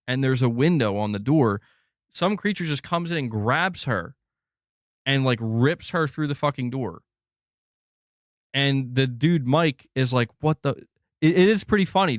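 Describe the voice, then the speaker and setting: A man hosting a casual gaming livestream, excitedly going back over a game he played. He rambles, restarts often and swears freely, at an ordinary male pitch. The sound is close and dry, with no room echo. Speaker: gaming channel host.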